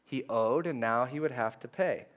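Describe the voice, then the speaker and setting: A man preaching a sermon in a conversational way, reading verses and acting out the characters' lines in lively voices. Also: mid-range voice, normal speed. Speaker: pastor.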